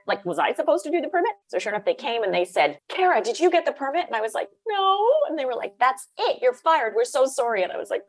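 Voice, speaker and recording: A middle-aged woman telling lively anecdotes in a casual interview, using "like" a lot and laughing often. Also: medium pitch. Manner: animated, lots of "like", laughs often. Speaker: guest, former magazine editor.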